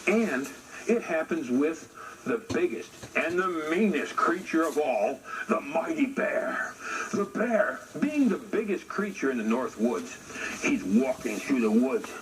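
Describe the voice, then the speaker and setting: Unhurried male storyteller, noisy recording. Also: fairly high pitch, big pitch swings. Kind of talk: oral storytelling for an audience.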